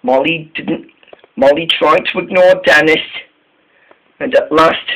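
A man narrating a train story, halting, with frequent restarts and repeated words. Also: fairly high pitch, a bit bright, low-quality recording. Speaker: story reader.

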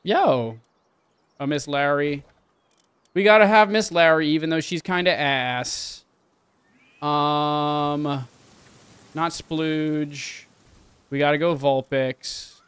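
A man's voice: a little high, fairly bright tone, smooth, no echo. Casual young man streaming a game. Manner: chatty, swears often, talks to chat. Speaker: livestreamer. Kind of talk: casual live game commentary.

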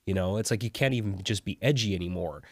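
A man with a fairly low voice answers a question on a podcast, measured and a little hesitant, working out his thoughts as he talks. The sound is dry and close. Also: no room sound. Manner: measured, hesitant, thinking aloud. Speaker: podcast co-host.

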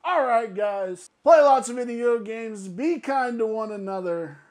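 A woman's voice: a little high, lively intonation, measured pace, a little mellow. A woman delivers an exasperated vlog rant, swearing freely and repeating phrases for emphasis. She laughs between jabs and keeps driving her point home as the channel's host. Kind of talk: ranting vlog commentary.

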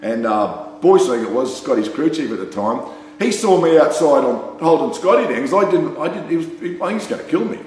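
A man's voice: on the high side, animated, a little fast, darkish tone. Australian man spinning a rambling yarn, echoey room. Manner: rambling, laughing, full of "you know" and "mate". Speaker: storyteller. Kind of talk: casual anecdote. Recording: very echoey room with faint hum.

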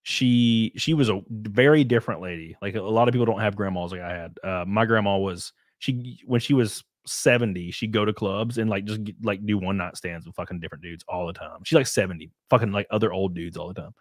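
A young man with a fairly low voice tells long, rambling stories in a loose, casual way, and the recording is dry and close. He swears freely and breaks into laughter often. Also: fairly quick, few pauses, dry recording. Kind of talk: casual storytelling.

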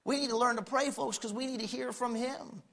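A middle-aged male pastor preaching a folksy sermon that swings from quiet asides to shouted points. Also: very high-pitched, steady tone, brisk, creaky.

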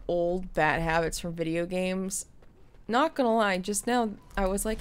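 A woman's voice: lowish voice, steady tone, measured pace, slight background noise. A young woman streaming a video game, chatting in a rambling way and laughing often. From United States. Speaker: gaming streamer. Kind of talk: casual let's play commentary.

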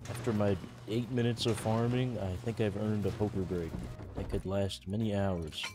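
A man's voice: fairly low pitch, steady tone, normal speed. A man narrating his own gameplay in a dry, matter-of-fact way. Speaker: streamer narrating his run. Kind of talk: casual gaming narration. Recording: game noise and gunfire behind.

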